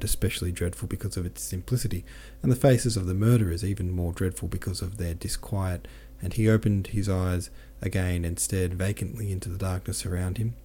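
A man narrating a novel as an audiobook, reading in a steady, measured way. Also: low voice, a little hiss or hum. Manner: steady, measured reading with small self-corrections.

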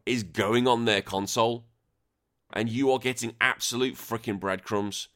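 A man's voice: on the low side, steady tone, moderate pace, fairly bright tone. Blunt British man ranting. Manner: blunt, swearing, emphatic ranting. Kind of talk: opinionated podcast rant.

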